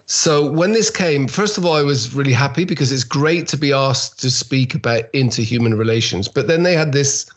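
A man speaking as a guest speaker in a casual interview over a video call, relaxed and laughing easily. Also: medium pitch, moderate pace, few pauses.

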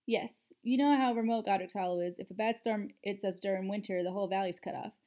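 A woman's voice: mid-range voice, steady tone, fast, warm tone, natural voice. A woman voicing a scruffy teenage schoolboy wizard who grumbles and swears bluntly, in a storybook reading. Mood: grumbling.

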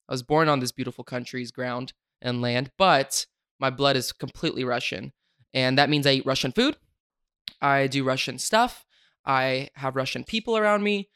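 Young male podcast host, slightly high voice, smooth tone, close dry sound, rambling casual chat. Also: a bit bright, no echo. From Sacramento, US. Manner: chatty, rambling, frequent fillers.

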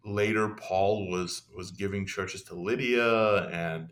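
A young man, a podcast guest, talking in an animated, casual way, with many restarts and asides. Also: low voice, takes it slowly. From Iran. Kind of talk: casual conversational discussion.

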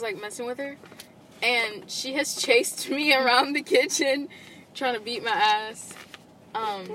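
A young woman chatting casually as a podcast co-host, animated and laughing mid-sentence. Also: sits high, a little hiss or hum, poor audio. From Louisiana, US. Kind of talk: casual chat.

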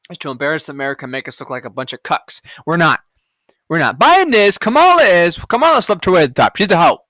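Guy with a high tense voice, podcast host ranting at headlines, sarcastic and foul-mouthed, dead dry mic. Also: wildly swooping pitch, very fast, fairly bright tone, dry recording. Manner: profane, rambling, sarcastic. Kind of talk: casual news-reaction rant.

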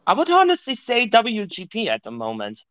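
A man's voice: high voice, wildly swooping pitch, fast talker, a bit bright, smooth, no echo. A man, a podcast guest talking in slightly broken English, rambling casually. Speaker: podcast guest, show owner. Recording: dull lo-fi mic.

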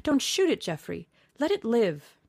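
Woman voicing a sensitive young gentleman, storybook reading, low voice, slight rasp. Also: normal speed, no room sound, clean studio sound. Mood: pleading.

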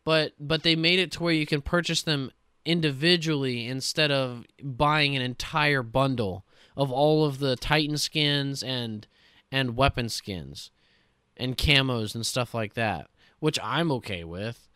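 Man, podcast host, excitable rant, cursing, smooth clear voice, dry sound. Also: mid-range voice, measured pace, no echo. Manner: ranting, swears often, excitable. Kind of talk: casual gaming chat.

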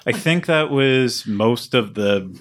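A man's voice: mid-range voice, expressive, slow. A man co-hosting a casual panel podcast, telling rambling, self-deprecating stories. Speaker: podcast co-host.

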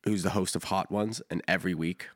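A man's voice: low-pitched, fairly even intonation, a little fast, dry recording, clean studio sound. A man co-hosting a podcast in casual chat, laid-back and saying dude a lot. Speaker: podcast co-host.

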